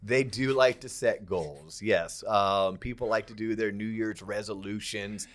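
A man's voice: fairly low pitch, a little slow. A man co-hosting a podcast, chatting casually and enthusiastically about his news and business plans. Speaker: podcast co-host.

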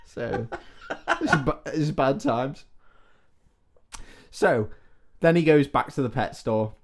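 A man's voice: mid-range voice, slow. A man co-hosting a podcast, casually retelling film scenes with jokes and swearing. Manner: joking, swearing, recounting scenes. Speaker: podcast co-host. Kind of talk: casual film recap chat.

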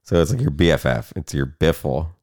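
A man's voice: very deep voice, sing-song, fairly quick, darkish tone. A middle-aged man hosting a casual podcast chat, crude and joking, laughing often. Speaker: podcast host.

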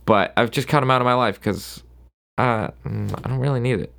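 A medium-pitched, gravelly, fairly bright male voice moves briskly through a solo podcast. The host rambles with a sarcastic, casual edge, frequently interrupting himself and restarting what he was saying.

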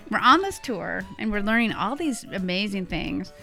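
Gravelly-voiced chatty woman. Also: mid-range voice, big pitch swings, a little slow, bright, forceful tone, faint music behind. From United States. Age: middle-aged. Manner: chatty, rambling, laughs often. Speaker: podcast co-host. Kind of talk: casual chat, travel storytelling.

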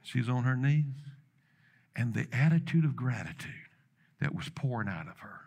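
A man's voice: very animated, moderate pace. Preacher man telling a story in a sermon. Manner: dramatic storytelling with quoted dialogue; builds to loud emphatic peaks, then drops low.

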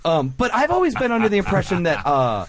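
A man co-hosting a casual comedy podcast, joking and ranting with animated energy. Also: high-pitched, fast talker, a crowd in the background. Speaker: co-host.

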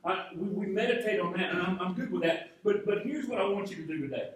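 A male pastor from North Georgia, USA, tells a personal story in a conversational sermon, speaking fast in a high, animated voice and often restarting his phrases. Recorded from a distance in a large church sanctuary, his voice echoes heavily through the hall.

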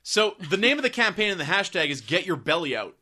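Podcast guy, high voice, bouncy, bright and sharp, sarcastic and sweary. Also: very animated, fast. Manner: sarcastic, swearing, laughs often. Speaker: podcast co-host. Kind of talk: casual podcast banter.

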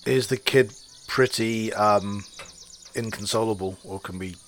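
A man's voice: fairly low pitch, measured pace, fairly bright tone, slight background noise. A man playing a tabletop game, asking short questions and stating his character's actions. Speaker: player. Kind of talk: casual chat around a tabletop game.

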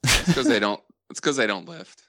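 A man's voice: fairly low pitch, lively intonation, moderate pace, sharp tone, no echo. A man co-hosting a casual podcast, teasing with blunt jokes and one-liners. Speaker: podcast co-host.

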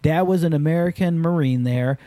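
A man hosting a casual podcast, telling loose, swear-heavy stories with lots of energy. His voice has a dark, mellow tone, and the sound is dry and close with no room echo. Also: fairly high pitch, normal speed. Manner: profane, animated storytelling. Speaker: podcast host and skydiving instructor.

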